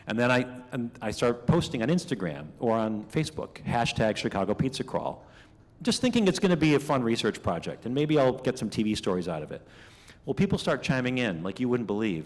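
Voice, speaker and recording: Middle-aged guy from minnesota, chatty keynote talk, mid-pitched voice, long echo from the hall. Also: brisk. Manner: chatty, animated storytelling with asides. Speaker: keynote speaker. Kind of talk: conversational keynote speech. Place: banquet hall. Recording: reverberant banquet hall.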